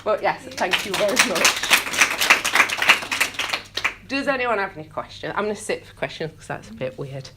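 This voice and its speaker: A woman's voice: medium pitch, animated, normal speed, pauses often, heavy background noise. A woman in her thirties with a Sheffield accent, giving a candid, self-deprecating talk to a live audience in a community hall, laughing easily. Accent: Sheffield English. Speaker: public speaker.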